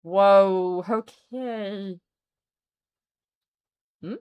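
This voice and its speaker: A woman's voice: mid-range voice, steady tone, very slow, clear, resonant tone, highs cut off. A woman streaming a game, chatting casually and exclaiming as she plays. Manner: chatty, exclaims and reacts aloud. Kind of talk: casual let's-play chat.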